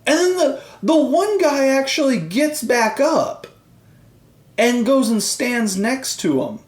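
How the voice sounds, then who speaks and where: Male podcast co-host, animated storyteller, curses freely, roomy echoey sound. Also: very high voice, takes it slowly. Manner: rambling, animated, swears a lot, acts out quoted voices. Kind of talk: casual chat. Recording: roomy echo.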